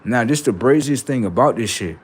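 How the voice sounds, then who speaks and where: A man's voice: mid-range voice, animated, brisk, slightly rough. A man livestreaming, telling a story in casual, slangy speech and repeating phrases for emphasis.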